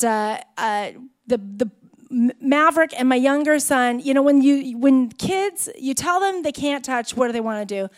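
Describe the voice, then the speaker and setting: A woman pastor in her thirties giving a sermon, telling family stories in a loose, conversational way with frequent restarts. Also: high-pitched. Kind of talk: sermon with personal storytelling.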